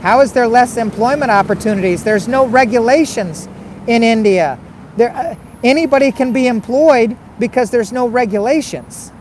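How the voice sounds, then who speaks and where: A man's voice: extremely high pitch, moderate pace, slight background noise. A man hosting a casual livestream, reading viewer comments and arguing back with repeated rhetorical questions. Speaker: livestream host.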